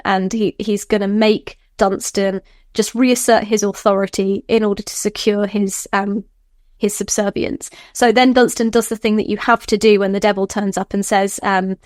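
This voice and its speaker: A woman scholar, a podcast guest, explaining in an animated way, laughing often and acting out quotes. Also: medium pitch, no room sound, studio quality. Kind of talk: podcast interview.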